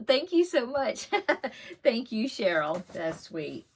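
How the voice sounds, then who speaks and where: A woman's voice: a little high, sing-song, takes it slowly, a little mellow, husky. A woman vlogger, an older grandmother, casually opening and reading holiday cards, chatty and laughing often. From Texas. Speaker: podcast host. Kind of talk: casual vlog, opening mail.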